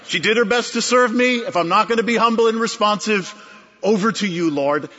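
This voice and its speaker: Emphatic male preacher, bright tone, dull recording in a big hall. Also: sits high, brisk. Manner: emphatic, repeating phrases for effect. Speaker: pastor. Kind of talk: sermon. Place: large conference hall.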